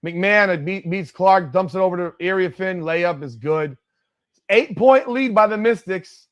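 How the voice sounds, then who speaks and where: Calling plays for a live watch-party, this man keeps a measured pace in a high voice. He's blunt and profane, with bursts of exasperation along the way.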